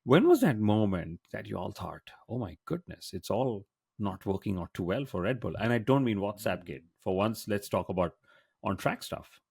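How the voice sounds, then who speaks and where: A man with a notably deep voice hosts a relaxed podcast chat. He tells stories playfully and drops cheeky asides. The sound is dry and close to the mic. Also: moderate pace, vocal fry, breathy edge, no room sound. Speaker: podcast host.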